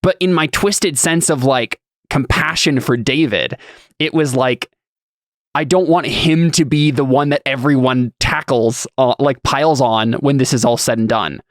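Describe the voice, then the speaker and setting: A man playing a tabletop game, talking casually and haltingly. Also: medium pitch. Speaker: player. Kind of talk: tabletop role-play chat.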